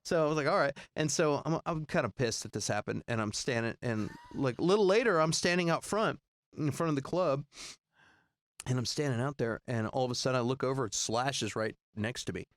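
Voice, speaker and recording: A man in his forties telling rambling road stories in casual chat, acting out other people's lines in high voices. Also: a little fast, no room sound. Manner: rambling, animated, acts out quoted voices high.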